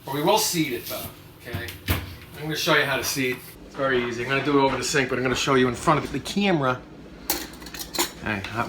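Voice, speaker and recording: A man's voice: medium pitch, bright, forceful tone, echoey room, far from the mic, a little hiss or hum. A man hosting a comedic cooking demonstration in his kitchen, full of joking asides. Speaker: cooking show host. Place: home kitchen.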